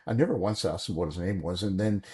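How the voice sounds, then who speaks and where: A middle-aged man, a podcast guest, telling animated stories in a conversational way and acting out the dialogue he quotes. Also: deep voice, fast talker, slightly rough. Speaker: podcast guest, former executive. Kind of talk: conversational storytelling.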